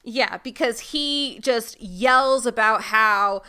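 A woman co-hosting a podcast, recapping a TV episode in a casual, animated way. Her voice is very bright and smooth, with playful sarcasm running through her remarks. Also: a little high, slow. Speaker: podcast co-host.

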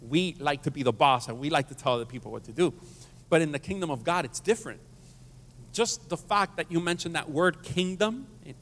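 A man preaching as a pastor, mixing jokes with scripture and calling on the congregation to answer back. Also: fairly high pitch. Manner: joking, asks the congregation to respond. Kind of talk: sermon. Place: church sanctuary. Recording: long reverb of a church hall.

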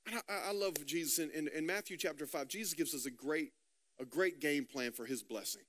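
A man's voice: fairly high pitch, brisk, fairly bright tone. A man preaching a sermon, telling stories and acting out quoted dialogue, often repeating words as he goes. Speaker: pastor.

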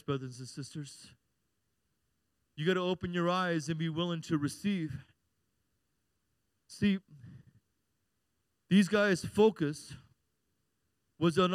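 Pastor guy preaching hard, really high voice, super smooth and clear, close dry sound. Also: no echo. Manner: impassioned preaching, rising to shouts and sung lines. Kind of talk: sermon. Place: church.

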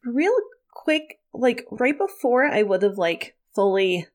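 A woman player chats casually and playfully during a tabletop game, scattering "like" through her sentences. Her voice sits somewhat high. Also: expressive, slow. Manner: casual, playful, uses "like" often.

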